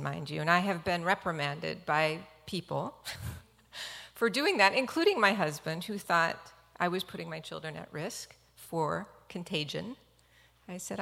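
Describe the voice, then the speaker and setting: Woman doctor telling a story, a bit of vocal fry, long echo like a big hall. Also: fairly low pitch, fairly bright tone. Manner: reflective, earnest storyteller. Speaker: physician. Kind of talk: personal storytelling talk.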